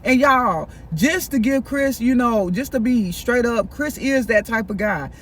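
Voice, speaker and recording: A man chatting in a casual storytime vlog, animated and gossipy, talking straight to his viewers. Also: very high voice, measured pace, slight background noise. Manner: animated, gossipy, keeps addressing viewers directly. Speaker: vlogger. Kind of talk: casual storytime while eating.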